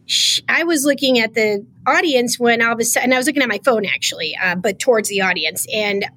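A woman's voice: fairly high pitch, fairly quick. A woman guest on a podcast, emotional as she tells a story in conversation and acts out the quoted lines. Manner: animated, acts out quoted dialogue. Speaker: podcast guest, state official.

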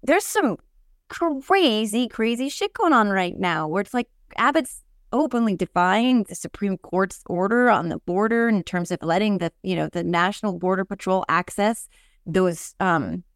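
A woman co-hosting a casual political chat, talking in an animated, digressive way with many fillers and restarts. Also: medium pitch, normal speed, no echo, studio quality.

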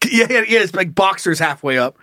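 A man co-hosting a podcast, telling a story in casual chat, animated, laughing often and acting out what people said. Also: sits high, fairly quick, no echo, studio quality. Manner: animated, laughing, swearing storyteller, acts out quotes. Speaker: podcast co-host.

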